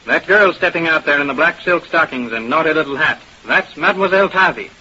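Brisk old-time radio announcer, a man. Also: fairly high pitch, expressive, sharp tone. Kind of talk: scripted radio drama narration. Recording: lo-fi old radio recording with faint hiss.

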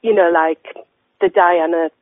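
A woman playing an earnest, halting radio caller. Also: fairly low pitch, fairly even intonation, no room sound, close to an everyday voice. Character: earnest woman caller, eager amateur poet. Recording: tinny phone line.

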